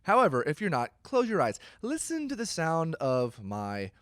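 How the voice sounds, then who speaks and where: A man's voice: fairly high pitch, wildly swooping pitch, moderate pace, no room sound. A man hosting a church podcast, talking in a chatty, playful, self-deprecating way. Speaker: podcast host. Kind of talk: casual church podcast intro. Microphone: close studio microphone.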